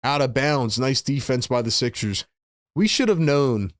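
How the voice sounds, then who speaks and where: Excitable man calling a game live. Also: medium pitch, unhurried, no echo, studio quality. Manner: excitable, frustrated fan talk with slang. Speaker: livestream host doing fan play-by-play. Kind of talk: casual live-stream play-by-play and fan reaction.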